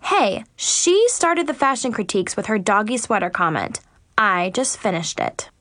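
A woman's voice: medium pitch, very animated, moderate pace, a bit bright, no echo. A woman voicing a polite, evasive teenage boy in an audiobook, in a voice close to her own. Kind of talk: audiobook reading.

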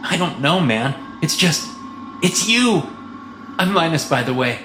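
A man voicing an eager, starstruck young male stagehand who talks in a hushed, excited way. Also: a little high, measured pace, echoey room, voice pushed up. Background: music.

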